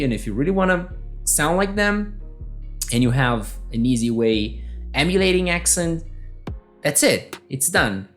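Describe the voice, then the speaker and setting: Man teaching English casually. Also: mid-range voice. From Brazil. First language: Portuguese. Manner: conversational, checks in with frequent tag questions. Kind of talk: solo podcast lesson.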